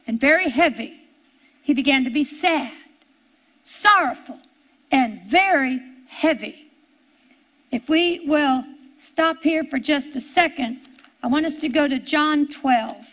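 A woman preaching a sermon, reading scripture slowly and drawing out her words. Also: high voice, a bit bright. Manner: slow, drawn-out scripture reading.

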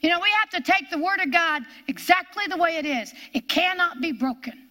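A woman's voice: very high-pitched, expressive, a little fast, pushed and bright. A woman preaching a sermon, emphatic, repeating key phrases and drawing out her stresses.

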